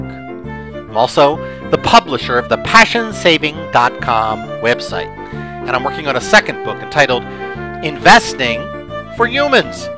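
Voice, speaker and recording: A man hosting a solo podcast, talking in a rambling, digressive way with chuckling asides. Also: medium pitch. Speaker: podcast host.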